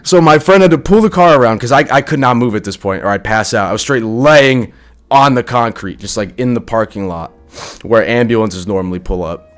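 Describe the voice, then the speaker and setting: A man's voice: lowish voice, fairly quick. A young man telling a personal story in a casual vlog, swearing often and filling it with likes. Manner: casual, profane, full of likes.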